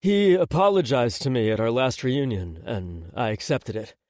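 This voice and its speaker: Male narrator doing a soft-spoken, hesitant grown man in a romance audiobook, lively lilt, dry close mic. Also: mid-range voice, normal speed, no room sound, lightly acted. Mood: gentle. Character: adult man, gentle, hesitant, former bullied kid.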